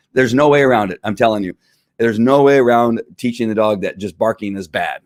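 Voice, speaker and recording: A man's voice: medium pitch, expressive, fairly quick, no room sound, clean studio sound. A man explaining dog training in a casual, emphatic way, now and then imitating barking dogs.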